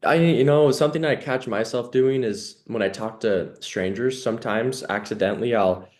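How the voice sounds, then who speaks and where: This podcast host speaks at normal speed in a medium-pitched, slightly mellow voice. His casual interview talk is earnest and reflective, sprinkled with many "you know"s.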